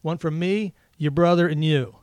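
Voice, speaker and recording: A man's voice: fairly high pitch, normal speed, darkish tone, dry recording. A man telling funny family stories on a podcast, acting out his kids' lines as he goes. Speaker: guest comedian.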